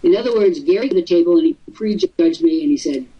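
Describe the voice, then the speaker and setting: A man in his seventies hosting a live webinar, teasing and firing off rhetorical questions, his voice swooping high for emphasis. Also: fast talker, warm tone, husky. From Illinois, USA. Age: 70s. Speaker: host. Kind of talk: webinar talk. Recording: dull lo-fi webinar audio.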